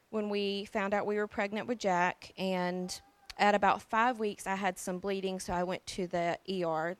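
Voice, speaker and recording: A woman's voice: medium pitch, clear, resonant tone, no room sound. A young woman telling her personal faith story in a casual, earnest way, with frequent fillers and restarts.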